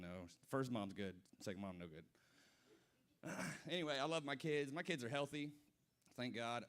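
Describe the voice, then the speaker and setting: Profane young stand-up comic man. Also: medium pitch. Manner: loose, profane storytelling with crowd asides. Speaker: stand-up comedian. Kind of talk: stand-up comedy set. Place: brewery comedy stage.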